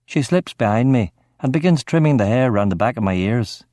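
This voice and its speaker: A man giving steady, measured first-person narration of a crime novel audiobook. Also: mid-range voice, no echo, clean studio sound.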